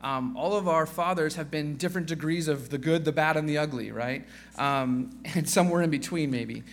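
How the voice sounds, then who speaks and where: A man in his thirties, a guest pastor, preaching a casual sermon full of jokes, fillers and restarts, quieter in prayer. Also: on the high side, normal speed.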